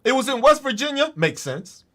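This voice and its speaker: A man rants on his podcast with a high, lively voice that leaps all over its range. He talks in a heated, profane, mocking way. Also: normal speed. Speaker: podcast host. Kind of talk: ranting political monologue.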